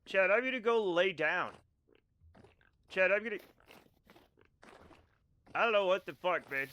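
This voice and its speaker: A young man's high, animated voice comes through a muffled recording, sharp in tone, at a measured pace with long pauses. He's streaming a game and reading live chat, casually sarcastic and swearing occasionally.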